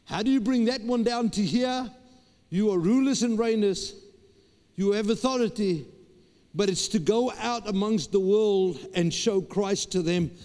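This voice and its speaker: High-voiced preacher in a hall. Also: male voice, darkish tone. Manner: emphatic, repetitive preaching with stammered restarts. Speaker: pastor. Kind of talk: sermon. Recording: long hall reverb.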